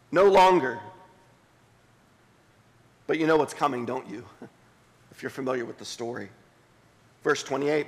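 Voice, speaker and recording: Pastor, male, high-pitched, dramatic sermon delivery in a church sanctuary with long reverb. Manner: dramatic, drops to a hushed voice when reading scripture.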